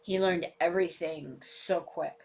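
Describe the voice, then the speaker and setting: With a gravelly, husky, somewhat mellow voice pitched lowish, this woman speaks in a steady, unhurried tone. She's a political live-streamer talking bluntly from a cluttered room at home, cursing a lot and answering back to her dog, which barks and shuffles about. Her setup is a desk mic plus camera.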